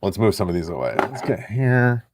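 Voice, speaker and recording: A man in his thirties hosting a live card break stream, chatting excitedly with viewers in the chat. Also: lowish voice, normal speed, background noise.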